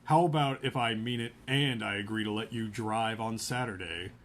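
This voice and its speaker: A man reading aloud as a brooding young male vampire suitor, in a soft, low-key voice. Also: normal speed, slight background noise, close to an everyday voice. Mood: restrained.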